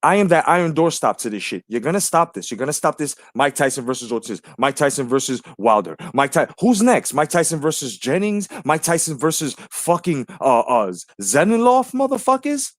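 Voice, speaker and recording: A man's voice: a little high, sing-song, brisk, hardly any pauses, dry recording, clean studio sound. A man hosting a live stream, ranting brashly and profanely while greeting viewers in the chat.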